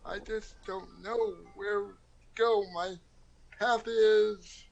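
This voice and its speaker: Man voicing lost young tabletop hero, slow, gravelly, high-ish, halting. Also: steady tone, highs cut off, soft background music. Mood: uncertain. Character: lost young man, uncertain of his path.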